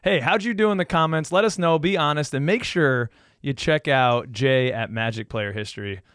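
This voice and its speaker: A man co-hosting a podcast, jokey and upbeat, thanking guests and reading out shout-outs. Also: a little high, normal speed, clean tone, dry recording, studio quality. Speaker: podcast co-host. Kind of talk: casual podcast chat with sign-offs.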